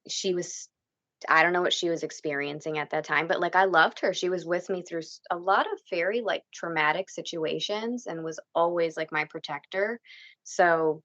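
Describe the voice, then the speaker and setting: Low, gravelly woman on dull audio. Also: normal speed, a bit bright, no room sound. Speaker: podcast guest. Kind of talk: casual podcast conversation.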